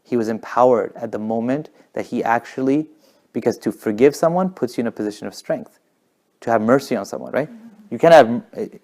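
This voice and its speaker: A man telling stories in a casual talk, talking fast and animated, sometimes dropping to a whisper for effect. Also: medium pitch. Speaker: guest speaker.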